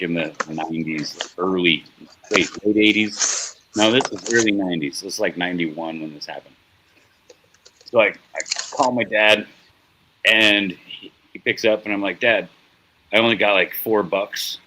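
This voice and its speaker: A man's voice: low-pitched, moderate pace, noisy background. A middle-aged man hosting a casual chat, rambling and profane as he tells a story, often laughing at himself. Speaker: show host.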